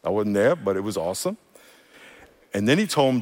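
A man's voice: mid-range voice, fast talker. A male pastor preaching a sermon with energy and humor, often getting the congregation to repeat words after him. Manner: energetic, joking, leads congregation call-and-response. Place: church auditorium. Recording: long reverb of a church hall.

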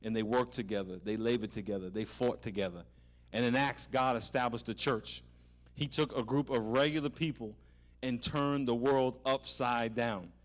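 A man preaching as a pastor, swinging from loud animated exhortation to a hushed prayer. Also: mid-range voice. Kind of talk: sermon.

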